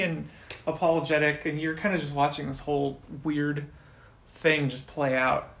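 A man running a tabletop role-playing game as game master, narrating the scene and now and then voicing characters with sudden loud outbursts. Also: fairly high pitch, little pitch movement, moderate pace, creaky, reverberant.

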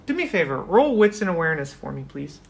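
A game master narrating a tabletop role-playing scene. The voice is mid-pitched and laid-back, full of "like" and "kinda", with a faint hiss in the background. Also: quick pace, creaky. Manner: relaxed, filler-heavy narration.

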